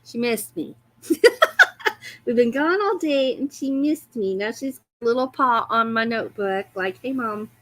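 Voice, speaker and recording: A woman's voice: fairly high pitch, unhurried, bright, forceful tone, dry recording. A woman hosting a casual livestream, chatty and often breaking into laughter. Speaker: livestream host.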